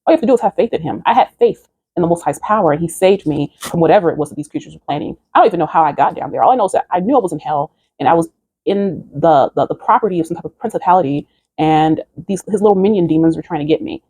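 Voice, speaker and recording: A woman's voice: lowish voice, lively intonation, very fast, warm tone, slightly rough, dry recording. A woman earnestly recounting a dream in a spiritual vlog and urging listeners toward faith. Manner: earnest, preachy exhortation. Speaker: video creator.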